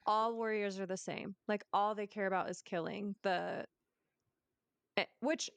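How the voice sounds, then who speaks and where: A woman's voice: mid-range voice, fairly even intonation, measured pace, creaky, clear, resonant tone, no room sound. A woman co-hosting a casual book podcast, musing with hesitant restarts. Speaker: podcast co-host.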